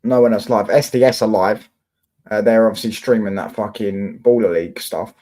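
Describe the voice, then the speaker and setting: A man's voice: on the low side, fairly even intonation, normal speed, dark tone. A young man from London with a London accent, hosting a casual football livestream and answering his chat in slangy, swearing talk.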